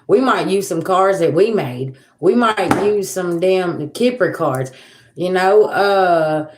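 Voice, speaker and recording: A blunt, sassy woman in her forties ranting casually to her livestream viewers. Her voice sits fairly low, and she swears freely. The sound is echoey, like a bare room at home. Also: lively intonation, slow pace, background noise. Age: 40s. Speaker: tarot reader and livestream host.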